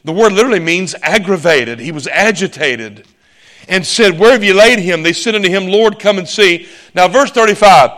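A male preacher delivering a sermon, emphatic and swinging from loud exclamations to hushed asides. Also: high voice, expressive, normal speed.

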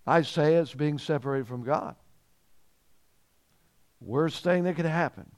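A man preaching a sermon as pastor, emphatic and repeating phrases, growing louder on key points. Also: fairly high pitch, unhurried.

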